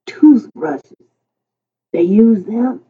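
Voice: mid-range voice, expressive, very slow, husky, pitched above the performer's own voice, exaggerated voice. A storyteller voicing a grizzled old male park worker who talks in a folksy, hesitant, stammering way. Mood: puzzled. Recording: tinny phone-like sound.

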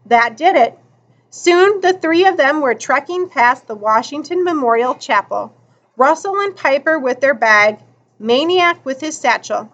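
Audiobook narrator, woman, high bright voice, animated, unhurried. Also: muffled recording. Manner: expressive, deliberate.

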